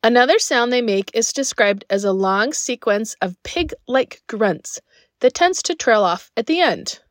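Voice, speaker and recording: Cheerful higher-voiced woman podcast host. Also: expressive, unhurried, no room sound, studio quality. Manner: friendly, enthusiastic, with chatty personal asides. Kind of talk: scripted podcast narration.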